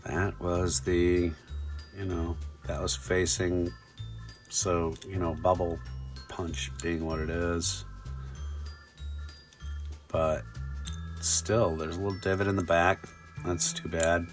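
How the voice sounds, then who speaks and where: Low, slow-talking middle-aged man. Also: little pitch movement, soft background music. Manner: halting, full of ums and restarts; fond, chatty collector. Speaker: toy reviewer. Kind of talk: casual unboxing review.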